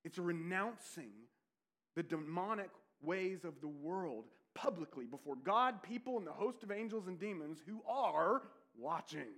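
A man preaching a sermon as pastor, earnest and emphatic, with conversational asides and rhetorical questions. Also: fairly high pitch. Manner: earnest preaching, rising to emphatic peaks and dropping to quiet intensity.

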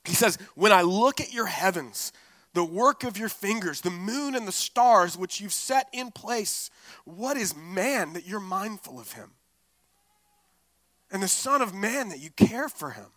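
Preacher, male, high bright voice, lively and conversational, dry close mic. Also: measured pace, no echo. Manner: expressive preaching, casual asides with "like" and "right?". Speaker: pastor. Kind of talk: sermon.

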